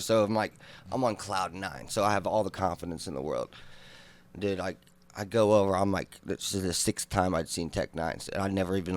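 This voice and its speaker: A man, co-hosting a podcast and telling a wild story in a loud, profane, animated way. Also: low voice. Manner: animated, profane storytelling, acting out drunk shouts. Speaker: podcast co-host. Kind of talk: casual storytelling chat.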